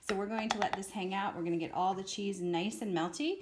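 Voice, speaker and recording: A woman hosting a casual home cooking demonstration. She talks viewers through each step in a relaxed, chatty way. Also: mid-range voice, a little fast. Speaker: cooking show host. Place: home kitchen. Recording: echoey kitchen, distant mic, background noise.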